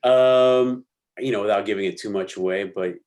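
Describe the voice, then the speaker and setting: A young adult man, an actor guest, telling lively stories in a casual interview and acting out what people said. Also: lowish voice, moderate pace, dull audio. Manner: animated storyteller, slangy, acts out quotes.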